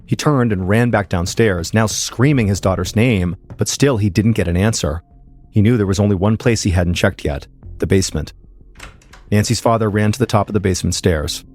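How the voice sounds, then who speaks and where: A man hosting a podcast, telling a true-crime story in measured, suspenseful scripted narration. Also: lowish voice, a little mellow, soft background music.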